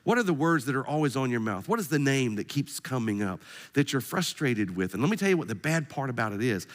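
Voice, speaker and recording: Male pastor for a sermon. Lively, joking delivery with direct questions to the congregation, and a pitch that swings widely. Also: quick pace. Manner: animated, humorous preaching with direct questions.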